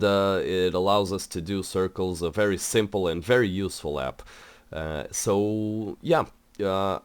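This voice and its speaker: Speaking in a smooth, low voice on a dry recording, a young man narrates his building game let's play. His casual commentary meanders and stalls, packed with filler words and false starts.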